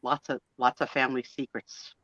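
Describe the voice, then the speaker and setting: Middle-aged woman, blunt teasing co-host, bright tense tone, dry lo-fi sound. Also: very deep voice, level tone, normal speed, no room sound. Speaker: co-host on a live photo sale stream. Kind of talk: casual chat. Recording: dull, lo-fi sound.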